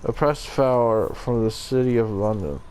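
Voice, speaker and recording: A man's voice: mid-range voice, moderate pace, darkish tone, smooth, low-quality recording. A man hosting a let's play, talking in a joking, irreverent way and swearing casually. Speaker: gaming channel host.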